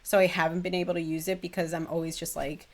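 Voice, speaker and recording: A woman's voice: on the low side, flat delivery, fast talker. A young woman chatting in a gushing, casual way about her beauty favorites at home, with lots of "like". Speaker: beauty vlogger. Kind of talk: casual chat.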